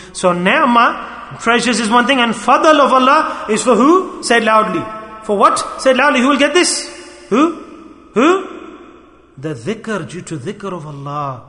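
Preacher guy, high bright voice, fired up then hushed, big echoey hall. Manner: impassioned, swinging from loud calls to hushed asides. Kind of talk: sermon. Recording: echoey hall with long reverb.

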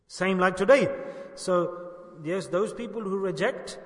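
High-voiced preacher in an echoing hall. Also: male voice, measured pace. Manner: impassioned, acts out quoted voices. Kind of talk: sermon. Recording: echoey hall with long reverb.

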